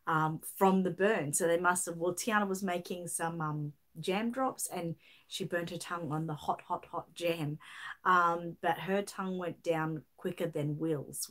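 A middle-aged Australian woman hosts a casual livestream, her voice a little throaty from a lingering chest infection. She chats easily and reads out viewers' comments as she goes. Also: lowish voice. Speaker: livestream host.

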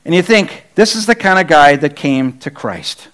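A man's voice: fairly high pitch, animated, normal speed, a bit bright, poor audio. A middle-aged man preaching a sermon as pastor, conversational, with many rhetorical questions to the congregation.

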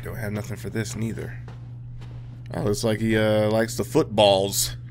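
Male gamer, lowish voice, wisecracking let's play commentary, quiet hiss behind. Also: flat delivery, measured pace. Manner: joking, swearing, talking to the game characters.

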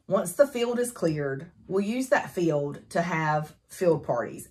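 A woman chatting casually as she recaps a novel for her book review, animated and full of fillers and laughs. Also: lowish voice.

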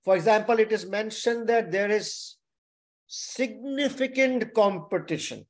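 A man's voice: high-pitched, a little slow. A man tutoring exam candidates in an online webinar lecture. He repeats his key points and keeps checking in with "okay?". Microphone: webinar microphone.

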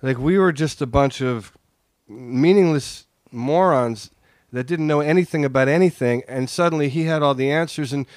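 A man's voice: medium pitch, moderate pace, no room sound, clean studio sound. A man telling a long personal story as a guest on a podcast, acting out the lines he quotes. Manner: animated, acts out quoted lines. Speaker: interview guest. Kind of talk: casual storytelling in a podcast interview.

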